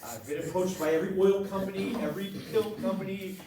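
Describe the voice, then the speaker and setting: This middle-aged chiropractor delivers his testimonial to a group with blunt animation, his high voice quick-paced and fairly even in intonation. A crowd sits in the background, and the noisy recording comes from an echoey room with a far-off mic.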